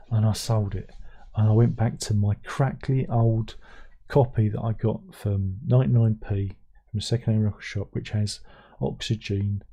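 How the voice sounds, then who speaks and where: Husky, dark-voiced man chatting. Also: fairly low pitch. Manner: reads viewer comments aloud, hums to himself between them. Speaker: livestream host. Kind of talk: casual livestream chat.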